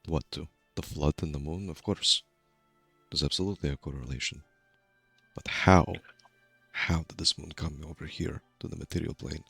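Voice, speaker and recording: A man playing his character in a tabletop game, speaking in an earnest, measured way with a husky voice. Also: steady tone, fairly bright tone, no echo, faint music behind. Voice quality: very deep, gravelly and husky. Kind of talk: in-character role-play.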